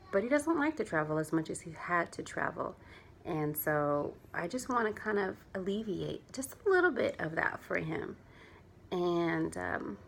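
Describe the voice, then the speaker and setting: A woman's voice: lowish voice, vocal fry, fairly bright tone, a little hiss or hum. A chatty, earnest young adult woman talking casually in a heartfelt vlog, rambling a little as she explains why she sells clothing. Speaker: vlogger and clothing seller.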